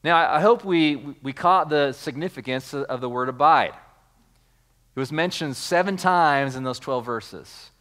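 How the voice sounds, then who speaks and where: A man's voice: on the high side, normal speed, fairly bright tone. A man preaching a sermon, reading scripture aloud and then explaining it with repeated words, restarts and rising emphasis, calling on the congregation to join in. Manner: restarts phrases, calls on the congregation. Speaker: pastor.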